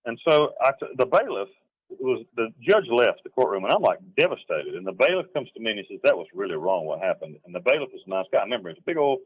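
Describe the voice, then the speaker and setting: Speaking quickly in a husky, medium-pitched voice with big pitch swings, a middle-aged man from North Carolina recounts his past for an interviewer. He rambles, stresses his points hard and slips into acted quotes; the recording has no echo and the highs are cut off.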